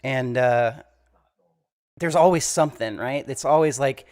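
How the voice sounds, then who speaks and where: A man's voice: medium pitch, a little slow, a little mellow. A man interviewing a guest over a video call, a touring artist himself, asking casual questions with many "uh" restarts.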